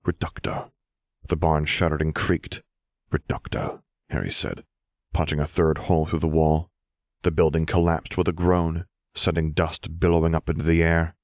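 Deep-voiced male audiobook narrator. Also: completely flat delivery, moderate pace, a little mellow, no room sound, studio quality. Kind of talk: scripted fiction narration.

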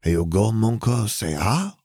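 A man reads as a mischievous younger sister with a chirpy, flirty lilt in this storybook. His voice stays low underneath, recorded close and dry. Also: big pitch swings, takes it slowly, darkish tone, husky, dry recording, full character voice.

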